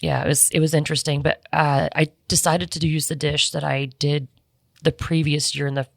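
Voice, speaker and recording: A woman guest on a podcast in a studio, telling lively stories about competition cooking. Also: low voice, brisk, gravelly, dry recording. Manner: lively anecdotal storytelling. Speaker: barbecue competition cook, guest. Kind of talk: casual storytelling in conversation.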